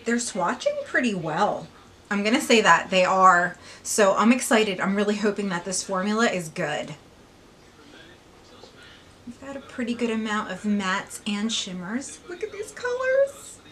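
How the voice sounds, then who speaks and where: Gushing, bright-voiced woman beauty vlogger. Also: medium pitch, unhurried. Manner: gushing, excitable, drops to whispers. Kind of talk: unboxing and swatching makeup.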